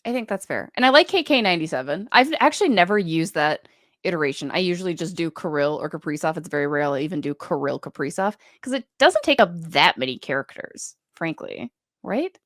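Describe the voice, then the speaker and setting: A woman's voice: lowish voice, very animated, fairly bright tone, no room sound, studio quality. Chatty woman hockey podcast co-host. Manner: chatty, quick asides, frequent fillers. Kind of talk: casual podcast chat.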